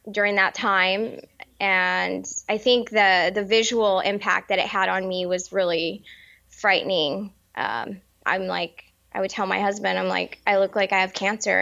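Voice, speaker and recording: A woman in her thirties speaking candidly in an interview, halting often with fillers and restarts. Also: medium pitch, bright, forceful tone, highs cut off. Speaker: interview guest. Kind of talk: personal interview.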